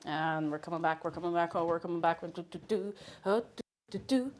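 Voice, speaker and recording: A woman's voice: fairly low pitch, brisk, darkish tone. A woman chatting casually on a live stream while she cooks, playful and giggly, repeating words for fun.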